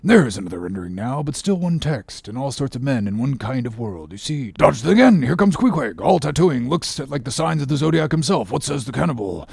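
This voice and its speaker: A man voicing an excitable, jeering sailor mate in an audiobook, giving an exclamatory running commentary. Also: medium pitch, fairly quick, gravelly, hardly any pauses, breathy edge, dry recording, heavily acted. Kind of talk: audiobook character reading.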